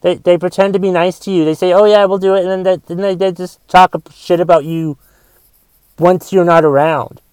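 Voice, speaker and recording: A man with a fairly high, smooth, resonant voice hosts his podcast alone, ranting in a loose, profane stream. He repeats words and restarts his sentences often. The sound is dry and close, with no room around it. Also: steady tone, moderate pace, a little mellow, dry recording, low-quality recording. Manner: profane, repetitive, frequent restarts. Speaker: podcast host. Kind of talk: casual monologue rant.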